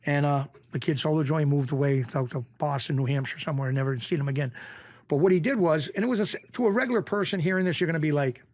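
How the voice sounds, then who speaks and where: Animated middle-aged man with a Massachusetts accent. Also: fast talker. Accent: Western Massachusetts. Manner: animated, acts out quoted voices in a raised pitch. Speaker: interview guest, former bookmaker. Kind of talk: casual storytelling interview.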